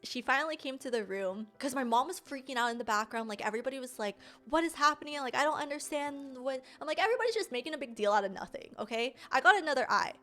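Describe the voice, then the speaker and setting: A young woman streamer telling a personal story casually, animated and slangy, often laughing. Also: high voice, fast talker, hardly any pauses.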